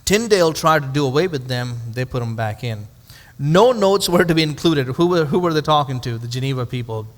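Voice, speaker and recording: A man's voice: fairly high pitch, animated, a little fast, few pauses, big-room sound. A male pastor teaching a Bible study to a live audience in a conversational way, asking rhetorical questions and adding dry humorous asides.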